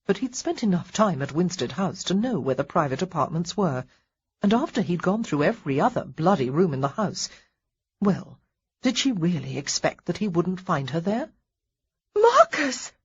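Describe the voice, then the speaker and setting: A woman narrating an audiobook in a wry, expressive storytelling manner. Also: fairly low pitch, normal speed, slightly rough, highs cut off. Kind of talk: scripted narration.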